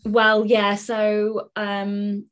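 A woman co-hosting a casual podcast, thinking aloud in quick bursts with restarts. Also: mid-range voice, completely flat delivery, fairly bright tone. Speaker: podcast co-host, author.

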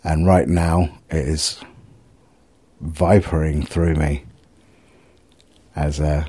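A middle-aged man with a very deep, husky voice. He rambles through a casual video diary in a self-mocking, sweary way, and his tone is dark and mellow. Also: level tone, drawn-out words. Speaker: vlogger.

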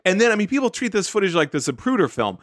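A man co-hosting a podcast in casual chat, animated and jokey, often acting out quotes. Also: high voice, quick pace, background noise. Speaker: podcast co-host.

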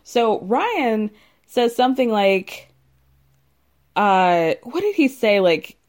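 A woman's voice: a little high, very animated, slow pace. A young woman casually recapping a reality show in a chatty, gossipy way, often laughing and acting out what people said.

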